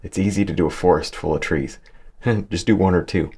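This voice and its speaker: Gravelly low-voiced painting instructor, man. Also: unhurried, a little mellow. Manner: chatty, encouraging, chuckles often, talks while working. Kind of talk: relaxed painting tutorial.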